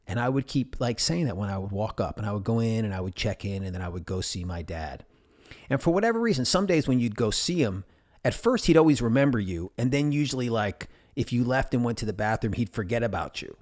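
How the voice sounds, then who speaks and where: A man hosting a podcast, telling personal stories in a casual, animated way and acting out the voices of the people in them. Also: mid-range voice, a little fast. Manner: animated, acts out quoted voices. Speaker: podcast host.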